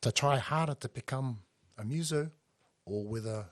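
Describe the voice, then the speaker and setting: A man's voice: mid-range voice, moderate pace. A man with a New Zealand accent, a reggae musician telling stories as a guest in a casual podcast chat, acting out the people in them. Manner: animated, acts out characters in his stories.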